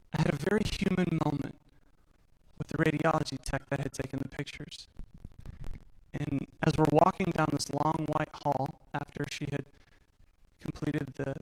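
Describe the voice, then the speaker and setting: Male speaker, 30ish, fairly high voice, frank personal story with acted-out dialogue, self-mocking humor. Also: rough recording. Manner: candid, self-deprecating, acts out dialogue. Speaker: speaker telling his survival story. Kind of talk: personal storytelling talk on stage.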